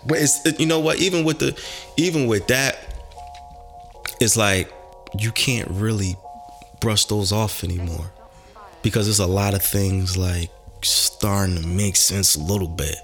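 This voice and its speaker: Rambling, animated man in casual chat. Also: on the low side, unhurried, pauses often, soft background music.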